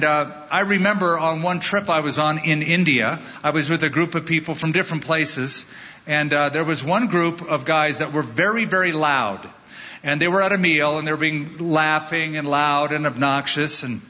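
A middle-aged American man preaches with a bright, forceful voice that sits a little high for a man. He delivers a measured, emphatic sermon and weaves in personal anecdotes. The recording sounds a bit dull and muffled. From California, United States. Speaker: pastor.

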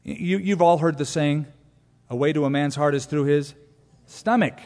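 A man preaching a sermon, animated, acting out quotes with asides to the congregation. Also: fairly high pitch, moderate pace. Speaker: pastor. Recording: long reverb of a church hall.

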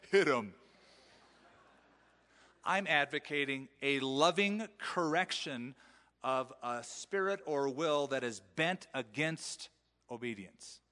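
A man's voice: on the high side, pushed and bright, long reverb tail. A male pastor preaching in a conversational sermon style, acting out the quoted voices of parents. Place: church sanctuary.

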